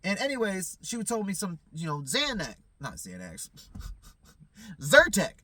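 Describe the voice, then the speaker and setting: A man's voice: high-pitched, wildly swooping pitch, measured pace, pushed and bright, no room sound. A man talking in a loose, profane, rambling vlog monologue, often stammering and restarting. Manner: profane, loose, repeats "you know what I'm saying"; loses his train of thought, stammers restarts. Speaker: vlogger.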